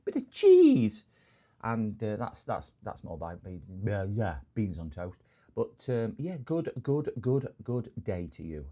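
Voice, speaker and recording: This middle-aged man from England keeps a measured pace, his animated voice sitting on the low side. Hosting a repair livestream, he chats and jokes casually with viewers, rambles from one topic to the next, and greets the chat with hearty bursts of hello.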